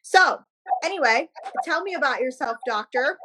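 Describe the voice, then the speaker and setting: A woman's voice: high voice, animated, moderate pace, bright, forceful tone, rough recording. A woman hosting an interview podcast, talking casually and bluntly. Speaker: podcast host.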